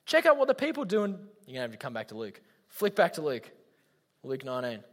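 A man's voice: medium pitch, huge pitch swings, quick pace. A young man giving a chatty, slangy youth talk, speaking straight to his listeners. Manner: chatty, slangy, addresses audience directly. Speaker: youth leader. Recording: long hall reverb.

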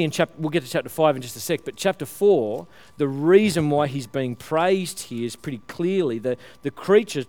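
A man's voice: medium pitch, darkish tone, dry recording. A man preaching a conversational sermon, often restarting his phrases and laughing lightly as he explains.

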